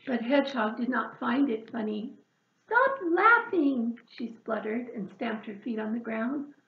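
A woman, a children's librarian, reading a picture book aloud slowly and expressively at a preschool storytime. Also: a little high, steady tone, vocal fry, slight background noise. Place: library room. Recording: echoey room, dull lo-fi sound.

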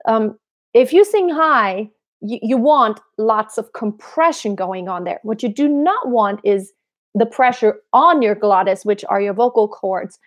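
Woman, vocal coach, slightly high voice, explanatory, answers viewer questions. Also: expressive, measured pace. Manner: explanatory, demonstrates with sung snippets.

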